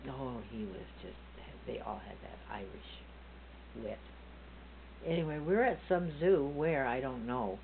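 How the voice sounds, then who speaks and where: A woman's voice: a bass voice, animated, measured pace, gravelly. An older woman reminiscing casually about her family, rambling and correcting herself as she goes, laughing often. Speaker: family storyteller. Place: front porch, outdoors. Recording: tinny phone-like sound with faint hum.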